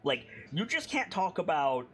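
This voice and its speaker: A man chatting casually as a player in a tabletop game, quick and full of fillers. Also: high-pitched, very animated, a bit bright, husky.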